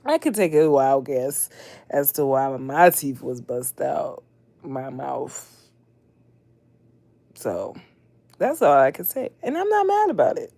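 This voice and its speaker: A mother hosting a casual late-night livestream, expressive and laughing often, swinging between loud outbursts and hushed talk. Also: rumbling low, takes it slowly, vocal fry, pauses often, no room sound. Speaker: livestream host.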